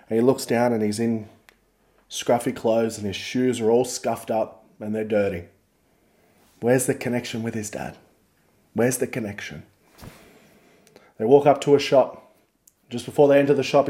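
Chatty man, mellow voice. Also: mid-range voice, moderate pace, pauses often. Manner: rambling, jokey, gets loud and excited when retelling a story. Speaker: podcast host. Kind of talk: casual podcast intro monologue.

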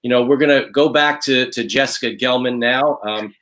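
A man hosting a live online interview, his pitch sitting in a typical middle range. He rambles and repeats himself in an upbeat tone as he keeps things moving between guests. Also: normal speed, fairly bright tone. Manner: rambling, repetitive, upbeat promoting. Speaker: host of a leadership interview series.

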